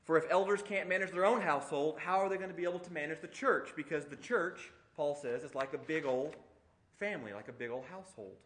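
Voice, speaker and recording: A middle-aged man delivers a sermon with a somewhat higher-than-usual voice. He teaches in an explanatory, conversational way, leaning into emphatic points and asking the listeners rhetorical questions. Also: quick pace, fairly bright tone. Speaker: pastor.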